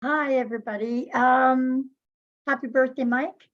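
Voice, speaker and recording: A woman speaking as a participant on a video-call webinar, sounding nervous and excited. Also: sits high, measured pace, lo-fi sound. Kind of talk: casual chat.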